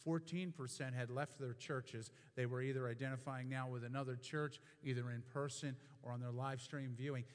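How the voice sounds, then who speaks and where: A man's voice: mid-range voice, fairly even intonation, normal speed, few pauses. A man preaching a sermon as pastor, explaining a passage carefully and then building to emphatic, repeated points. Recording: long hall reverb.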